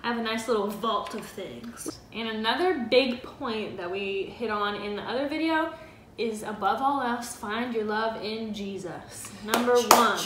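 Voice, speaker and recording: A woman's voice: a little high, a little slow, fairly bright tone. A woman co-hosting a faith-based couple's vlog, talking earnestly and chattily with frequent fillers. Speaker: co-host of a couple's channel. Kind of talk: casual faith-based advice chat. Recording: roomy echo, faint background noise.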